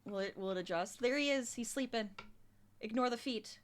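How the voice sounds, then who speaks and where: A woman's voice: fairly high pitch, normal speed, a little hiss or hum. A young adult woman streamer chatting casually and laughing often while she crochets at her desk at home. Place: home room.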